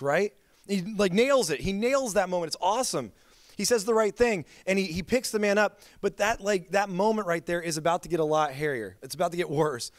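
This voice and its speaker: A man's voice: sits high, brisk, no echo, clean studio sound. A man preaching a sermon as pastor, telling stories in a casual, chatty way with lots of filler words. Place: church.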